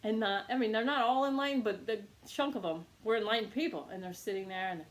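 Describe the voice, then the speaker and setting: A woman reiki teacher telling a casual teaching anecdote, animated and laughing often. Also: mid-range voice, fast. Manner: animated storytelling with frequent laughs.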